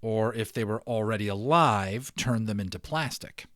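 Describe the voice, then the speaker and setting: A man narrating a children's novel aloud in an expressive, dramatic storytelling style. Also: fairly low pitch, moderate pace, no room sound, studio quality. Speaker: audiobook narrator.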